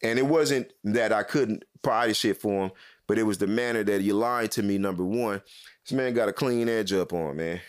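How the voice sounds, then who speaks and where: A man's voice: lowish voice, normal speed. A man in casual podcast chat. He tells stories with lots of swearing, repeats himself and restarts his sentences. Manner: animated storyteller, swears freely, repeats and restarts.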